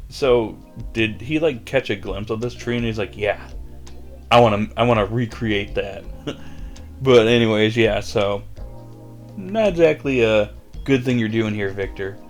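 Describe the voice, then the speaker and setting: A man giving a casual, chuckling recap of an anime episode, with lots of fillers. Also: lowish voice. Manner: chuckles often, filler-heavy.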